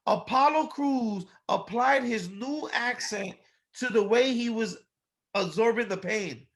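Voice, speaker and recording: A man co-hosting a podcast, chatting casually and bluntly about a wrestling show, animated and quick to mock. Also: very high-pitched. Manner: blunt, animated, swears, mocking. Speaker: podcast co-host. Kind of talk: casual wrestling review chat.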